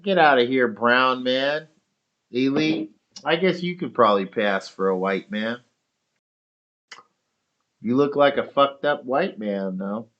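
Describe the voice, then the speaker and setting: A man's voice: medium pitch, lo-fi sound. A man talking casually on a stream, rambling and swearing as he tells an argumentative story.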